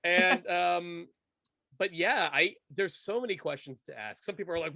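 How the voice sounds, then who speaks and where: A young man co-hosting a casual film chat, excitable and acting out little quotes as he talks. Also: high voice, moderate pace, dry recording. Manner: excitable, acts out quotes with laughter. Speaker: podcast co-host.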